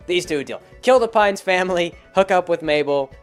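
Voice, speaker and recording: A man's voice: sits high, animated, normal speed, faint music behind. Rambling man in a casual chat. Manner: rambling, full of fillers and restarts. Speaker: host. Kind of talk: casual spoken commentary.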